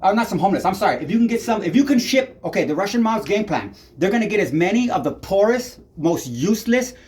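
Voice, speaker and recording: His high voice is a little mellow, fast and sing-song. Filming a neighbor on a handheld camera, the tenant rants angrily in a vlog, cursing heavily and rambling from point to point in agitation.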